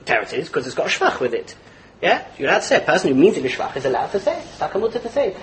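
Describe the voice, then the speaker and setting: A man teaching a Torah class in a lively lecture, chuckling as he explains and mixing Hebrew and Yiddish terms into his English. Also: a little high, racing, slight background noise, poor audio. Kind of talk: animated religious lecture.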